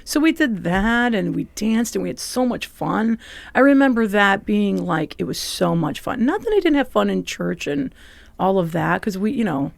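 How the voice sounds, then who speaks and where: A woman's voice: medium pitch, animated, moderate pace, creaky, dry recording. A woman comedian, chatting casually as a podcast guest and laughing easily.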